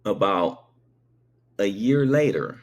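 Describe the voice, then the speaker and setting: A man's voice: on the low side, lively intonation, takes it slowly, a little mellow. A man telling a personal story in a conversational way, often checking in with the listener.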